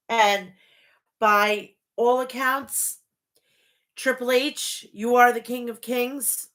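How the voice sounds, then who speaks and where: Tearful forties woman vlogger, unhurried delivery, sharp bright voice, swears freely. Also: a little high. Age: 40s. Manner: emotional, profane, gushing. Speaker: wrestling show reviewer. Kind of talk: casual review vlog.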